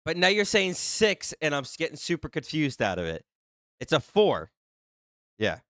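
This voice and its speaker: A man hosting a live stream who reads out the chat in a flustered, excitable way and teases the viewers. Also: fairly high pitch, a little fast, no echo, studio quality. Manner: flustered and excitable, laughing often, teasing viewers. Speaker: livestream host reading chat.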